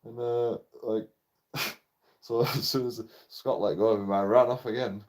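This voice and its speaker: A man's voice: medium pitch, steady tone, measured pace, a little mellow. A young man tells a personal story in a casual, rambling way. He swears constantly and breaks off with short laughs between phrases. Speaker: channel host telling a personal story.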